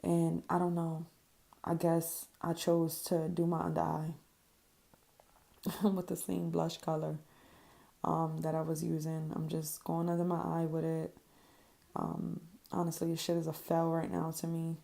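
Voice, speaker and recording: A woman's voice: low voice, completely flat delivery, a little slow, gravelly, dark tone. A woman talking casually through her makeup routine as a vlogger, candid and swearing freely with lots of ums. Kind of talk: casual makeup tutorial voice-over.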